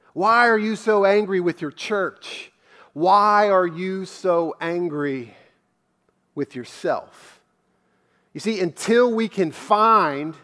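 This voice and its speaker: A man preaching a sermon as a pastor, earnest and searching, firing off one rhetorical question after another. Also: high voice. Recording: long hall reverb.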